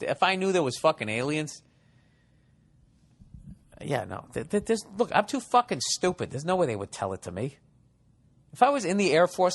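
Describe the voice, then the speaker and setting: A man hosting a podcast, reading listener letters and riffing on them in a rambling, profane, sarcastic way. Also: mid-range voice. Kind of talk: rambling comedic monologue.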